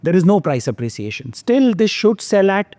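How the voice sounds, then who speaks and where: Man, podcast host, analytical, number-driven, fairly high voice, dry close sound. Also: sing-song, moderate pace, darkish tone, no room sound. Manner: analytical, walks through numbers with checking tags like "yeah?". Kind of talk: podcast discussion.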